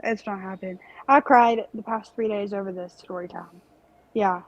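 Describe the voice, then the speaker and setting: A woman's voice: mid-range voice, moderate pace, highs cut off. A young woman co-hosting a podcast, rambling through a story in casual chat. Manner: rambling, animated storytelling with laughs. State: recovering from strep throat. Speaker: podcast co-host.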